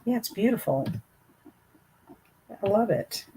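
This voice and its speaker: A woman's voice: mid-range voice, expressive, slow, dark tone, a little hiss or hum. A woman hosting a book livestream, chatting casually and reading out viewer comments, with a chatty, hesitant manner full of fillers and restarts. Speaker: booktube host reading live chat.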